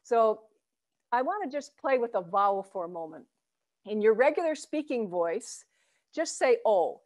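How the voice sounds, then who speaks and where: This woman's voice has a darkish tone and swings widely in pitch, though her speed stays normal. She runs a Zen chanting workshop by video call, showing low belly vowels and chants while cheering students on with gentle laughter.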